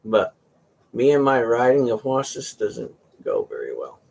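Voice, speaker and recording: Husky man rambling about his pets. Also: medium pitch, very animated, a little slow, darkish tone. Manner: rambling storyteller, imitates cats meowing. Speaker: host. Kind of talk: casual chat.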